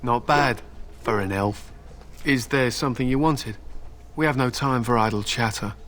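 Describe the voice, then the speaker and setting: A proud, stern warrior from a video game, played by a man, with a bright, forceful edge to his voice. He speaks solemnly of old legends and turns blunt and threatening without raising his tone. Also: mid-range voice, normal speed, slight background noise, close to an everyday voice. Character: stern proud male warrior, hound handler.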